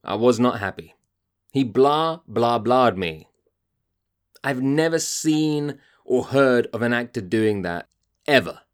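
A man hosts a podcast, venting in a fired-up, profane monologue. His voice sits at an ordinary middle pitch. His tone is exasperated and blunt throughout. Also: expressive, takes it slowly. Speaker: podcast host.

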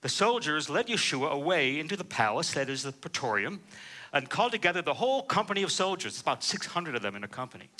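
A man's voice: a little high, sing-song, fast talker, bright, forceful tone. A man preaching a sermon, reading scripture aloud and explaining it verse by verse, with frequent "uh" fillers. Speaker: pastor.

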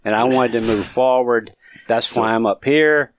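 A man co-hosting a podcast in casual chat, reading event listings in a halting way with lots of fillers. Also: mid-range voice, a little hiss or hum. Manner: halting, filler-heavy, lots of "you know". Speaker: podcast co-host.

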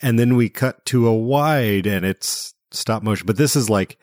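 A man hosting a casual film discussion podcast, talking in a relaxed, hesitant way with many fillers. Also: mid-range voice, normal speed, no echo, studio quality. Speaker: podcast host.

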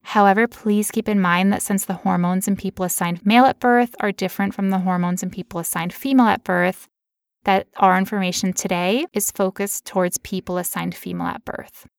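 A woman's voice: mid-range voice, fairly even intonation, fairly quick, creaky, no room sound, clean studio sound. A woman in her thirties co-hosting a podcast, tired and playful, joking with her co-host. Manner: jokey, playful, breaks into laughter. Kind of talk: casual podcast chat.

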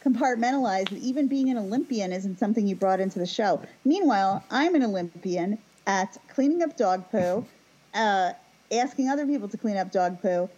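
A woman's voice: medium pitch, expressive, a little fast, mellow, highs cut off. A middle-aged woman co-hosting a podcast, chatting playfully and laughing often. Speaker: podcast co-host. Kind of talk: casual chat.

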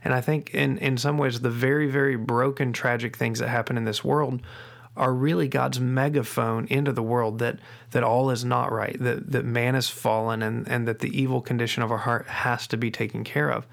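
A middle-aged man hosting a faith-based parenting podcast, speaking earnestly, repeating key phrases slowly for emphasis and often restarting his sentences. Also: mid-range voice, level tone, creaky. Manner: frequent restarts and doubled words. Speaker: podcast host.

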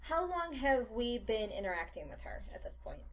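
A woman's voice: on the high side, big pitch swings, normal speed. A woman playing a tabletop role-playing game, plainly asking about rules and rolls. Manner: asks rules questions, plainly spoken. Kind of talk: casual game talk.

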